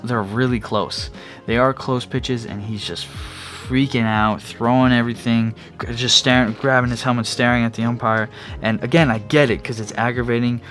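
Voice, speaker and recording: A young man hosting his own sports podcast, talking casually in a rambling way, with frequent restarts and fillers. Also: medium pitch. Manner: yawning at times. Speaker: podcast host. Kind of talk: casual solo sports talk. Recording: faint background music.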